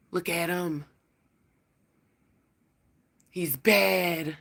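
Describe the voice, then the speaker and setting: A woman's voice: medium pitch, expressive, a little slow, bright, forceful tone. A woman chatting casually on a livestream, rambling, swearing freely and scolding her cat. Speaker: livestream host.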